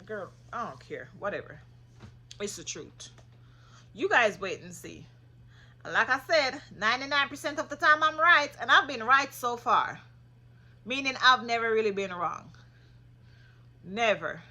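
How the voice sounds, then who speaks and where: A woman casually recapping a reality show, sassy and opinionated, getting loud when she gets passionate. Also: fairly high pitch, lively intonation, measured pace, pauses often.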